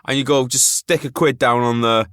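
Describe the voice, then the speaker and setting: A man's voice: medium pitch, steady tone, moderate pace, a bit bright, smooth, no room sound. Podcast host guy rambling on, lots of like and swearing, dry mic. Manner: rambling, swears freely, frequent fillers. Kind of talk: casual chat.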